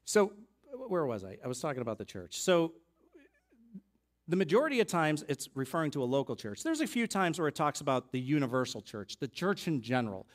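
Conversational man preaching a sermon. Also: on the high side. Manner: conversational preaching with restarts and asides, swelling to emphatic peaks. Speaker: pastor.

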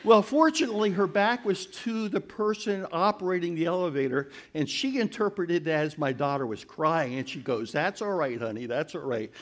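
An older man giving a storytelling testimony to a church congregation, animated and crying out as he retells events. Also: high-pitched. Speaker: church speaker.

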